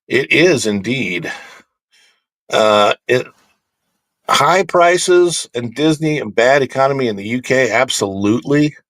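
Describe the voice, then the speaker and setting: A man hosting a casual theme-park news livestream, animated and joking as he talks to his chat. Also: mid-range voice, slow pace, no echo.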